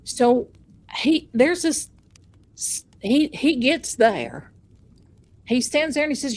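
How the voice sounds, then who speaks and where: A woman's voice: high voice, expressive, unhurried. A woman hosting a live stream who tells a chatty, folksy, self-mocking story. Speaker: livestream host.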